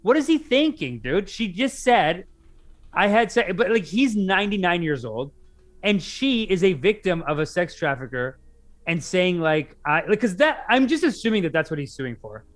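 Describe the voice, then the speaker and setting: Young male podcast co-host, casual and animated, lively pitch. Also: normal speed. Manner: animated, excitable, mimics others in quotes.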